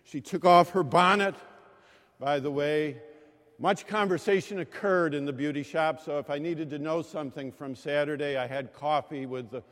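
A male pastor preaching a sermon, telling stories in a measured way with pauses and emphasis. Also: fairly high pitch, fairly bright tone. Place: large chapel. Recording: long chapel reverb.

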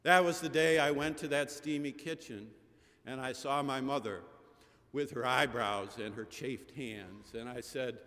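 A man's voice: medium pitch, steady tone, measured pace, a bit bright. A middle-aged man preaching an Easter sermon, telling stories with rising, emphatic cadences. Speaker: pastor. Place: large chapel. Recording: long chapel reverb.

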